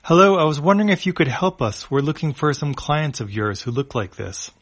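A man's voice: a little high, very animated, fairly quick, a bit bright, voice pushed up, exaggerated voice. A man voicing a sweaty, determined woman explorer on an alien planet, speaking up in a raised, eager and hopeful way.

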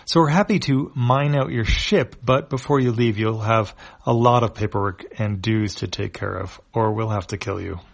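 A matter-of-fact alien official from a space comic who threatens murder over paperwork, read aloud by a man. The voice is low and has a gravelly fry. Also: normal speed. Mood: deadpan.

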